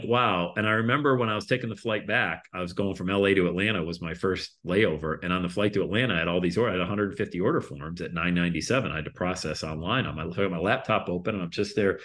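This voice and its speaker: A man with a low voice telling a story in a casual interview. He talks in animated bursts: his voice rises sharply for the high points, then falls away softly as each phrase ends. He sounds like a practiced stage speaker. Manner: lively storyteller, voice jumps up for punchlines then drops low; trails off quietly at the ends of phrases. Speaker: interview guest, speaker and coach.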